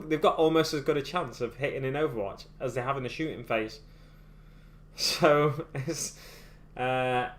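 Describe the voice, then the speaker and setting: Painting miniatures on a live stream, this British man from the UK speaks in a mid-range, fairly bright voice. He rambles as he thinks aloud, keeping it casual and restarting often.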